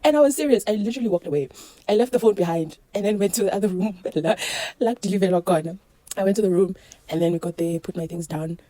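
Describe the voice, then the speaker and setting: A woman with a South African accent telling a casual storytime, animated and mixing Zulu into her English. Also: lowish voice, fast, no room sound. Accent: South African, Zulu-mixed English. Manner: animated, code-switching, laughing through a birth story. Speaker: vlogger.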